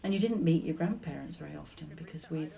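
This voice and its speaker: A middle-aged British woman, the artist's mother, reminiscing fondly in a relaxed conversation, halting and restarting as she reflects. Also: deep voice, creaky, a little hiss or hum. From Britain.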